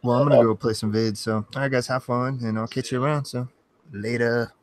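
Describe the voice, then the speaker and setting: A man's voice: medium pitch, steady tone, fairly quick, a little mellow. A man hosts a live stream in easy, chummy conversation, tossing in "man" and "dude". His voice sits mid-range, and the sound is dry with no room echo. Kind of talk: casual chat.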